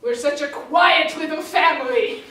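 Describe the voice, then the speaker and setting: An actress playing an excitable Italian housewife in a stage monologue, speaking broken English with an Italian accent in a chatty, theatrical way. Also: female voice, sits high, unhurried, a little hiss or hum. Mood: indignant. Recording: distant, echoey live theater recording.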